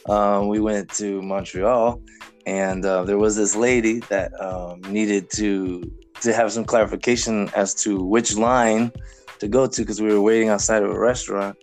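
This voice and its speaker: A Cuban American man with a fairly low voice tells loose, rambling stories as a podcast guest. He piles on "you know"s, restarts his sentences and chuckles often. Soft music plays faintly behind him. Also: fairly even intonation, moderate pace. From United States, Cuban American. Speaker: podcast guest, language learner. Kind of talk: casual conversational storytelling.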